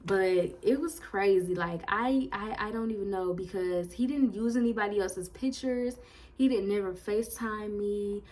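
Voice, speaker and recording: A woman, casually telling a personal story to her viewers, animated and full of slang and "like.". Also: medium pitch, moderate pace. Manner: animated, chatty, lots of "like" and slang. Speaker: storytime vlogger.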